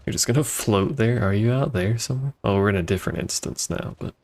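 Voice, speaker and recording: Gravelly low-voiced man streaming a game. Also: fast talker, darkish tone. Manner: wry, grumbling, swears casually. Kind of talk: casual gameplay commentary.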